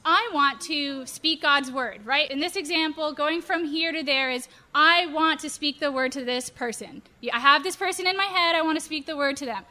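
A young woman preaching to a youth group, animated and playful, acting out examples. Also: high-pitched, moderate pace, hardly any pauses. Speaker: youth pastor.

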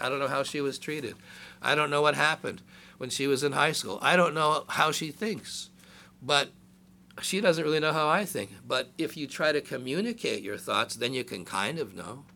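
An older man in his sixties gives a chatty sermon, full of asides and jokes to the people in front of him. His voice is gravelly with a bright, forceful edge, and it rises whenever he reads scripture aloud. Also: a little high, a little hiss or hum. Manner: conversational preaching with asides and jokes. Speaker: pastor.

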